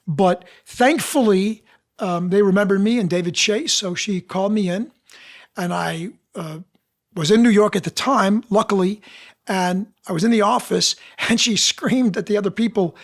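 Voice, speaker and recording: A man with a fairly high voice talks as a podcast guest. He tells his stories with animation and acts out the people he quotes. He speaks as a seasoned actor and dialect coach. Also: normal speed. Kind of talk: casual interview storytelling.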